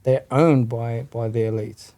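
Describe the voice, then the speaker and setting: A man's voice: mid-range voice, fairly even intonation, unhurried, dark tone. A man from Australia, a podcast guest, rambling in casual chat and swearing freely as he keeps checking "you know what I mean.".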